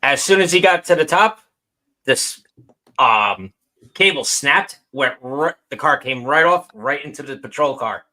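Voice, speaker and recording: A man in a casual podcast chat, telling a story in a slow, halting way. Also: medium pitch, lively intonation, sharp tone. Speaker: podcast regular.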